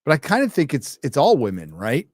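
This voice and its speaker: A man's voice: medium pitch, huge pitch swings, fairly quick, dry recording. A man hosts a casual livestream in a rambling, profane, wry way, reading donations aloud. His voice sits in a middle register. The sound is dry and close, with little room around it. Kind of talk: casual late-night livestream chat.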